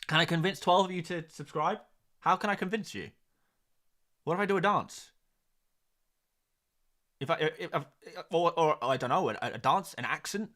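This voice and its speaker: A man hosting a fantasy football live stream, reading out viewer questions and chatting in an excitable, jokey way. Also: on the high side, normal speed, long pauses.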